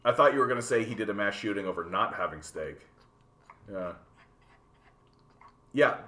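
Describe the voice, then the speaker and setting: A man hosts a casual livestream and rants at his chat in an animated, profane way. His voice is bright and forceful, and he often repeats words while he works out his point. The sound is roomy, with echo from the space around him. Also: on the low side, normal speed. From Canada. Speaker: livestream host reading chat.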